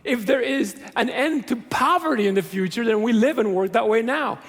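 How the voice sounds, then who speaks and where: A man's voice: very high voice, normal speed, a bit bright. A middle-aged male pastor preaching a sermon in a church, earnest and conversational with self-deprecating humor. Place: large church sanctuary. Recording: long reverb of a church hall.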